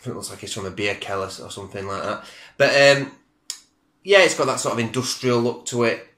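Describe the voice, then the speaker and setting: Reviewing beer on camera at home, a middle-aged man speaks a little fast in a medium-pitched, slightly bright voice. The casual video has roomy room echo from the camera mic, and his style is chatty, rambling, and self-deprecating.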